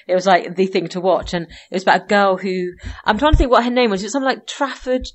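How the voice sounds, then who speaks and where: A woman's voice: mid-range voice, fast. A chatty woman, co-hosting a casual show and searching her memory aloud. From England. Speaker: co-host. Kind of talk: casual chat.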